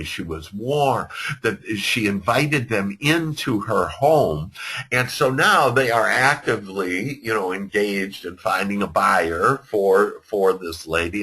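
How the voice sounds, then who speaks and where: A man's voice: lowish voice, pushed and bright, breathy edge. A man teaching by telling a long story, rambling with many fillers and restarts. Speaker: self-help teacher. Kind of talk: storytelling lesson.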